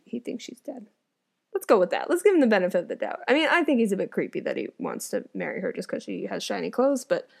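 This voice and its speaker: A woman's voice: medium pitch, gravelly, darkish tone, breathy edge. A woman reading a fairy tale aloud and stopping often to muse about the story in chatty asides. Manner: chatty, musing asides between passages. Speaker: audiobook reader.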